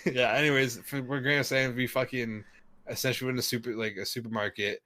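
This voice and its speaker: A man's voice: medium pitch, flat delivery, fast talker, bright, forceful tone, dry recording. A young man telling a story in casual podcast chat, rambling, laughing often and swearing a lot. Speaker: podcast guest.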